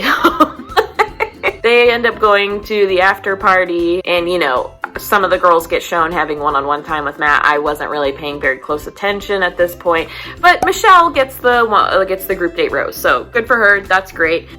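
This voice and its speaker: A woman hosting a casual, chatty recap of a reality dating show, animated and self-deprecating. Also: mid-range voice. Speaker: host.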